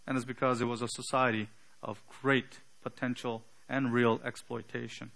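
A man preaching an earnest sermon, teaching with emphatic pauses and the odd filler. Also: mid-range voice, level tone, vocal fry, a bit bright. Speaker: pastor.

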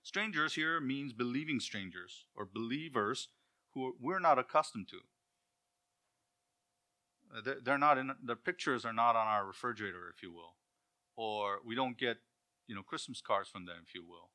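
A man's voice: mid-range voice, moderate pace, sharp tone. A man preaching a sermon in a conversational way, with rhetorical questions and acted-out quotes.

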